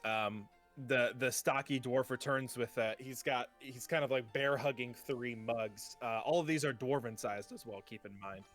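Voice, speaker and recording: A man's voice: mid-range voice, moderate pace, hardly any pauses, a bit bright, faint music behind. A man narrating a tabletop game as game master, rambling with lots of fillers and restarts.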